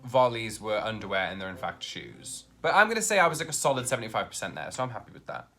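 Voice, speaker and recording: A British speaker casually guessing at slang, animated and quick to laugh. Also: mid-range voice. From Britain. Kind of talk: casual chat.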